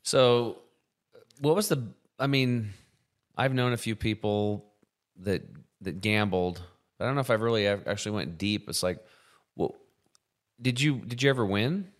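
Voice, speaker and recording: Laid-back guy hosting a podcast, cracks jokes, low-ish voice. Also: moderate pace. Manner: joking, relaxed. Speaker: podcast host. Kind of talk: casual interview.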